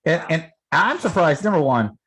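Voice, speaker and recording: A man's voice: on the high side, very animated, normal speed, fairly bright tone, a little hiss or hum. A man co-hosting a radio show, teasing his co-host in loose, joking banter.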